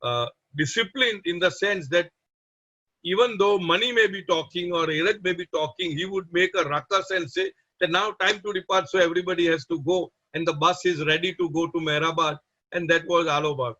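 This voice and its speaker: A man telling animated stories to an online group, acting out the people he quotes. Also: sits high, brisk, no echo, muffled recording. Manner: animated anecdotes, acting out quoted voices, frequent laughs. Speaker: speaker at an online reading group. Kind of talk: reminiscing storytelling to an online group.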